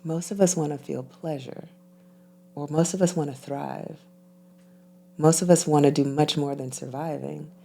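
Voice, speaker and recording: Woman guest, low mellow voice with fry, unhurried and reflective. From United States. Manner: measured, repeats phrases for emphasis. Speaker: guest, intuitive healer and physician. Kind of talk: reflective interview talk.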